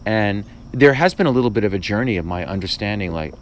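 Thoughtful low-voiced man in conversation. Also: fast, few pauses, slight background noise. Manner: thoughtful, restarts often, animated asides. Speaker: playwright and podcast host. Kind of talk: casual conversation.

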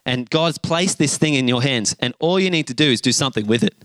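A middle-aged man, preaching a sermon and acting out a lively story. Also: mid-range voice, brisk, no echo. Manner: animated storyteller, acts out voices with shouts and gasps. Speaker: pastor.

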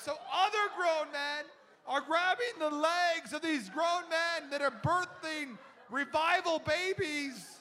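A man, a pastor, telling a humorous story in a sermon, chatty and animated, acting out the people in it. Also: extremely high pitch, takes it slowly, long reverb tail. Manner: animated, acts out voices of people in his story; chatty, with many "like" and restarts.

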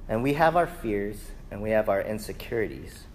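A man in his thirties preaching a sermon, telling lively family stories and then settling into a calmer teaching tone. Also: lowish voice, normal speed, slight background noise. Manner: animated storyteller who acts out family members' voices. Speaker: pastor.

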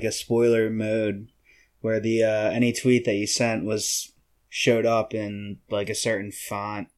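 A man co-hosting a podcast, chatting casually in a laid-back, hesitant way with dry humor. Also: on the low side. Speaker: podcast co-host.

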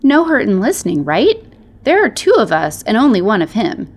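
A woman voicing a nervous young female wolf who asks worried, hushed questions in a storybook reading. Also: medium pitch, big pitch swings, normal speed, pitched above the performer's own voice.

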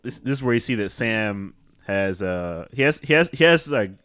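A man's voice: fairly low pitch, expressive, a bit bright, clean tone, dry recording, clean studio sound. A man chatting casually and wryly about an old film, laughing along with his co-host. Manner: quick, wry, laughs along. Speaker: podcast co-host. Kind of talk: casual comedic movie recap.

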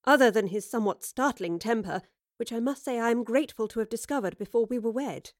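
A woman's voice: a little high, fast, no echo, clean studio sound, close to an everyday voice. Prim period lady, formal and stern about manners, read by a woman narrator.

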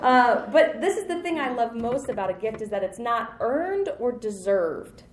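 A woman's voice: on the high side, sing-song, moderate pace, a little hiss or hum. Woman preaching a chatty sermon in an echoey room. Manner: conversational and self-deprecating, with light laughs.

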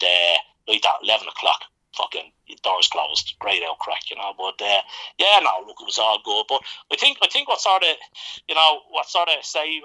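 A man's voice: on the low side, sharp tone, low-quality recording. A middle-aged Irish man telling rambling, anecdotal stories in casual chat, swearing freely and leaning on fillers. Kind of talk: casual storytelling.

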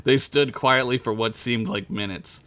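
A man's voice: medium pitch, moderate pace, fairly bright tone, no echo. Man reading a comic story aloud. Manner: casual, laughs into his own lines. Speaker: podcast storyteller.

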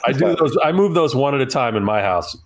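A man's voice: medium pitch, animated, brisk. A man hosting a podcast quiz game, in playful, casual banter with friends. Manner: playful quizmaster, laughs often.

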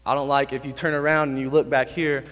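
Young male preacher in a reverberant hall. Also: quick pace. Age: 20s. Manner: animated, swings from quiet to loud and high when acting out God's lines. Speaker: youth pastor. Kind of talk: sermon. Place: hall with an audience.

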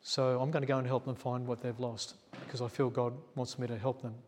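A man's voice: medium pitch, flat delivery, a little fast, darkish tone, slight background noise. A male pastor, telling a story in a sermon and acting out the quotes in a chatty way. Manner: chatty, acts out quotes, laughs at himself. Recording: long church reverb.

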